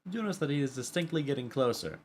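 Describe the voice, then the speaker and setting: A man narrating a tabletop game as dungeon master, halting and repeating words as he describes scenes. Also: medium pitch, lively intonation, a little hiss or hum.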